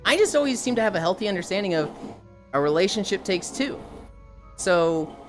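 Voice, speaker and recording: A woman streamer chatting casually on a live stream, telling stories and acting out quotes in loud mock voices. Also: mid-range voice, animated, a little fast. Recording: background music under the voice.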